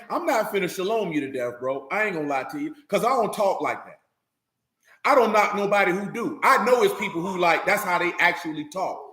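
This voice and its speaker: A high-pitched man, teaching the Bible in an emphatic, slangy way that calls out to his listeners. His voice comes through bright and sharp. The sound is roomy and echoing. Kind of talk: scripture reading then casual preaching talk.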